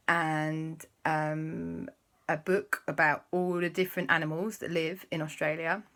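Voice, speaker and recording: A woman's voice: lowish voice, sharp tone. A woman with a playful, chatty manner, making up and telling a story for children. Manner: playful, chatty, jumps into silly voices. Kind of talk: improvised story narration for children.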